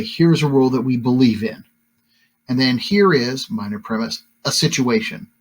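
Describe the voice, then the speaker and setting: A man teaching a recorded lesson to high school students, talking conversationally with lots of fillers and tag questions. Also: breathy edge. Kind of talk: recorded classroom lecture.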